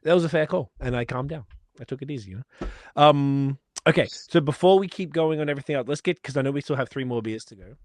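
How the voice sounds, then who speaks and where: A man's voice: mid-range voice, quick pace, darkish tone, no room sound, studio quality. A man from Australia co-hosting a podcast, chatting casually over beers and telling stories with laughter and swearing. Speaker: podcast co-host.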